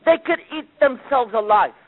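Man preaching, super high voice, tinny phone-sounding audio, big dramatic swings loud to quiet. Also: expressive, normal speed. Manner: dramatic storytelling, swinging between loud and hushed. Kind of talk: sermon.

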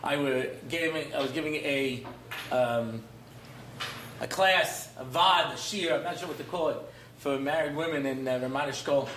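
A man's voice: medium pitch, normal speed, a bit bright. A middle-aged man teaching a class as a rabbi, in a humorous, rambling lecture style that mixes in Hebrew terms. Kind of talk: informal Torah lecture. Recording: roomy echo, faint room noise.

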